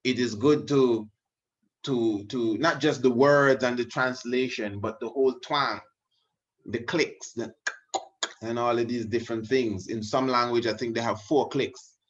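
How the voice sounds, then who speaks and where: A man's voice: medium pitch, fairly even intonation, a little slow. A man, teaching in a rambling casual monologue full of asides. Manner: rambling, many you-knows and restarts. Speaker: religious video host. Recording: muffled lo-fi audio.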